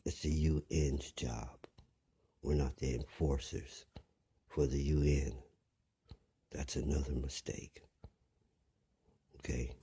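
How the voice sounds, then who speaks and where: An older man delivering a blunt, rambling monologue, often dropping to a rough whisper. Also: rumbling low, fairly even intonation, slow, pauses often, warm tone. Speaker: commentator. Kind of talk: preachy monologue.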